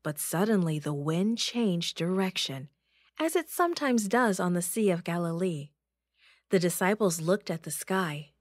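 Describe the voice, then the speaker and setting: A woman's voice: on the low side, expressive, measured pace, no room sound, clean studio sound. A woman reading a Bible story aloud over a video call, lifting her voice for dramatic moments.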